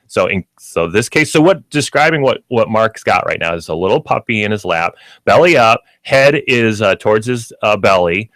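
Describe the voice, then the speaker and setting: Brief: male radio host and dog trainer, lowish voice, lively animated delivery, explains patiently step by step. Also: moderate pace, no echo. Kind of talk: instructive radio talk.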